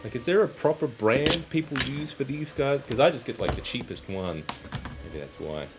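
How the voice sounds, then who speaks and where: A man's voice: mid-range voice, lively intonation, moderate pace. A man hosting a casual live stream while crafting, chatting in a rambling, self-correcting way. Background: faint background music.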